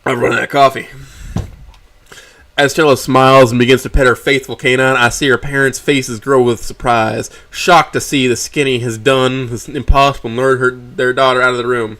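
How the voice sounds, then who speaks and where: A man's voice: medium pitch, little pitch movement, normal speed. A man reading a story aloud on a stream, stumbling and correcting himself as he reads.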